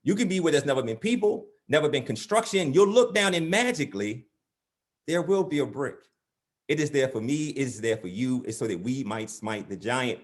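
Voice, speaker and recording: A man's voice: medium pitch, animated, normal speed. A middle-aged man telling a comic story to an audience and then performing spoken word poetry with a rhythmic, theatrical delivery. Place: in front of a live audience.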